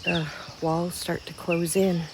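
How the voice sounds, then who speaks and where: A woman in her fifties talks slowly and unhurriedly, frank and blunt, laughing between thoughts. She is outdoors by a river, with soft natural sound faintly behind her. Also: on the low side, flat delivery, noisy background. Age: 50s. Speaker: vlogger. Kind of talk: candid personal storytelling.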